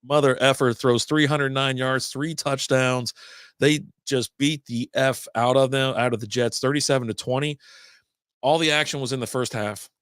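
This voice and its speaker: A man's voice: medium pitch, steady tone, moderate pace, fairly bright tone, smooth, dry recording, studio quality. Laid-back man rambling on a live beer stream. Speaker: beer podcast host. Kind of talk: casual live-stream chat.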